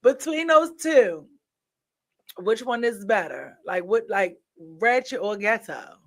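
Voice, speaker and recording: A woman's voice: medium pitch, expressive, takes it slowly, a bit bright. A sleepy woman hosting a casual livestream, chatting straight to her viewers and jumping from topic to topic as she yawns. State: sleepy, yawning. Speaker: livestream host. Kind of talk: casual live-stream chat.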